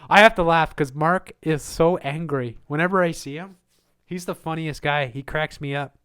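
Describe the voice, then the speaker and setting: A man's voice: on the high side, moderate pace, a bit bright, clean tone. A man hosting a live question-and-answer stream, rambling through conspiratorial takes and chuckling often. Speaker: livestream host. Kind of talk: live Q&A monologue.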